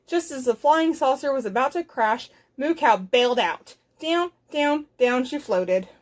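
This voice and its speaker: A woman, a children's librarian, reading a picture book aloud with expressive, clearly enunciated storytelling. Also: high-pitched, normal speed.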